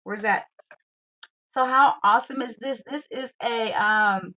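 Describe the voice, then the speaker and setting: A woman's voice: mid-range voice, steady tone, slow pace, long pauses, fairly bright tone, low-quality recording. A woman with a Southern US accent, chatting casually with viewers while she colors on her livestream and talking herself through her work. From Georgia, US.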